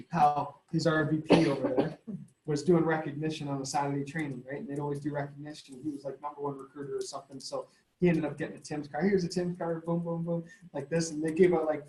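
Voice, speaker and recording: A man, a company head giving a sales training in a lively, storytelling way. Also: on the high side, fast. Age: 30s. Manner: energetic, conversational, storytelling with laughs. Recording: echoey room.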